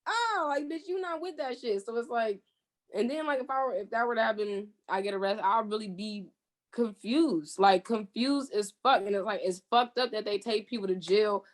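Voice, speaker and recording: A woman's voice: medium pitch, normal speed. A woman guest on a podcast in casual chat, talking bluntly and emphatically, with a lot of swearing.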